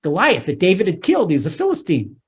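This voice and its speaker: A man teaching as a rabbi, telling a scripture story in an animated way, restarting phrases and saying "okay" often. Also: high voice, fast talker, husky.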